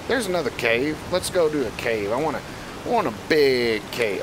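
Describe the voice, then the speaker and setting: A man's voice: lowish voice, very animated, normal speed, noisy background. A man streaming a video game, rambling and joking in casual commentary and talking back to the characters on screen. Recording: game music playing under the voice.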